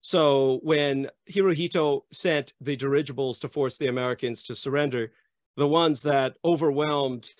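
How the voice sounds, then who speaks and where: A man's voice: medium pitch, normal speed, no echo, clean studio sound. A man speaking as a guest historian, blunt and emphatic, sounding drunk. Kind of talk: conversational commentary.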